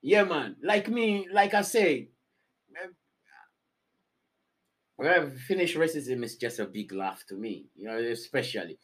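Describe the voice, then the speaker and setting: A man's voice: on the high side, lively intonation, a little slow, pauses often, breathy edge. Rambling slangy man on a live stream. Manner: loose, rambling, repeats himself, slangy. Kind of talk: casual live-stream chat.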